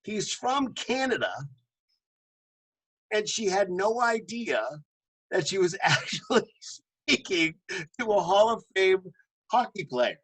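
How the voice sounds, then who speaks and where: A man with a slightly raised pitch tells sports stories on a casual podcast. He stumbles into restarts and laughs as he goes. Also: sing-song, slow pace, long pauses, fairly bright tone, rough recording. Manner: laughs often, storytelling with restarts; jokingly puts on a booming announcer voice. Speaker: co-host.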